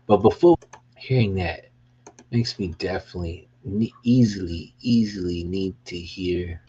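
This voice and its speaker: Husky low-voiced man, rambling. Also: measured pace, warm tone, muffled recording. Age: middle-aged. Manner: rambling, profane, talks to himself. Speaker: guitar maker. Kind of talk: casual behind-the-scenes vlog chatter.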